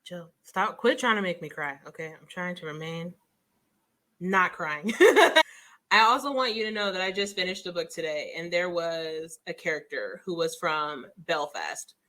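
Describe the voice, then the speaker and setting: A chatty woman hosts a casual book club interview, her voice bright and a little low in pitch. She laughs often and keeps up steady affirmations. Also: normal speed. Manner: chatty, giggly, frequent affirmations.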